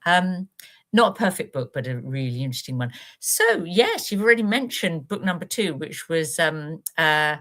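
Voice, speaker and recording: A woman's voice: low voice, very animated, normal speed, a bit bright. A woman co-hosting a live book club stream, talking casually and hesitantly, with lots of fillers and restarts.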